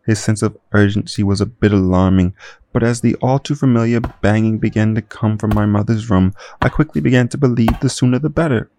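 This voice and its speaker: A man narrating a noir audio drama in deadpan first person. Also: on the low side, a little fast. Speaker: narrator and producer.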